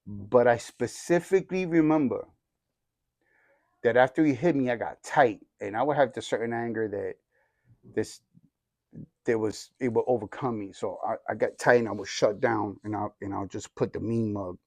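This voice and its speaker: A man's voice: on the low side, moderate pace, creaky, darkish tone, no room sound. A man in his forties sharing his testimony in casual storytelling, using slang and acting out the other voices in his story. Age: 40s. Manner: streetwise slang.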